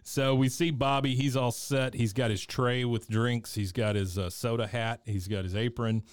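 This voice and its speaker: Smooth-voiced man recapping an episode. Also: mid-range voice, normal speed, dry recording, clean studio sound. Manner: animated retelling, quotes characters in raised voice. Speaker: podcast co-host. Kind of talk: casual episode recap chat.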